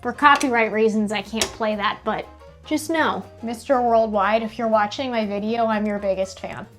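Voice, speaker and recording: A woman's voice: fairly high pitch, normal speed, soft background music. A young adult woman vlogging about home renovation in a casual, sassy, profane storytelling manner. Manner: sassy, profane, animated storytelling with voiced quotes. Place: home hallway, indoors.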